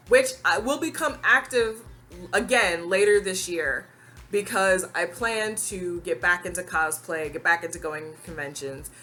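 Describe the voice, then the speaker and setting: Young woman vlogger, casual storytime, bright voice, lots of pitch swing, laughs easily. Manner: animated, expressive, quick to laugh, acts out quotes.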